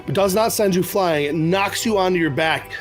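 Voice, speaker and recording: A man's voice: high voice, normal speed, soft background music. A man running a tabletop game as game master, describing scenes loosely with fillers.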